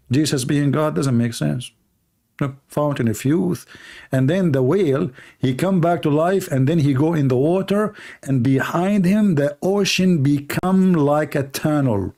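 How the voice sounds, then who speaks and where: A man hosting a livestream who mocks his subject in a sarcastic, jokey way, repeating phrases for effect. His English has non-native grammar, and his speaking voice sits a little high for a man. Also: gravelly, mellow. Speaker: livestream host. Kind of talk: mocking religious commentary.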